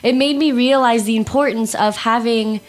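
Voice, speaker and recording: A teenage girl co-hosting a casual radio talk show, chatty and relaxed, with lots of fillers. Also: fairly high pitch, normal speed. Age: teens.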